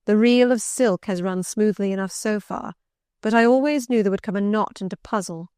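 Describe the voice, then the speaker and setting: A woman voicing a brooding passionate gentleman. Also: medium pitch, normal speed, clean tone, dry recording, clean studio sound, close to an everyday voice. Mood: intense. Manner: urgent, pleading, commanding. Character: passionate brooding gentleman, middle-aged man. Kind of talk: audiobook character reading.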